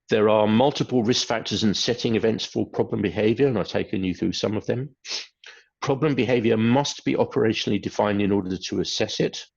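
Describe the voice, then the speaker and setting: A man's voice: fairly low pitch, vocal fry, breathy edge. A man giving a webinar lecture, speaking hesitantly with many fillers. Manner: hesitant, many fillers, acts out quoted phrases. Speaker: webinar presenter on behaviour. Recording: dull lo-fi webinar audio.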